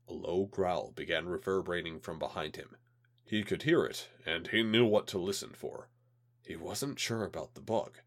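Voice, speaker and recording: A man reading a science fiction story aloud, with lively, dramatic storytelling, while slightly ill. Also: low voice, moderate pace. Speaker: narrator. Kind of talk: amateur audiobook reading of sci-fi story.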